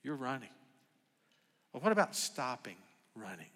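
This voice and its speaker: Older guy preaching, bright ringing voice, earnest, goes soft then loud, big church echo. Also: mid-range voice, sing-song, moderate pace, pauses often. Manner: earnest, swings from hushed to emphatic. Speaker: pastor. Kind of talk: sermon. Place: church sanctuary. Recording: long hall reverb.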